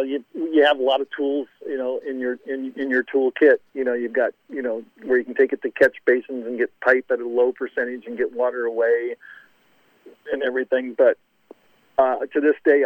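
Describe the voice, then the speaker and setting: A man's voice: medium pitch, no echo. A man in his sixties from the American Midwest, a golf course architect telling anecdotes in an interview with chuckles and repeated words. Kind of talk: casual storytelling interview. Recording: tinny phone line, dry.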